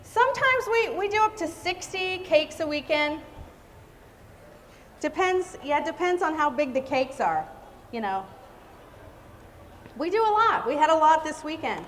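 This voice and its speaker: A woman's voice: sits high, animated, measured pace, pauses often, a bit bright. A woman giving a live cake decorating demonstration, chatty and exclamatory. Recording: reverberant hall with faint noise.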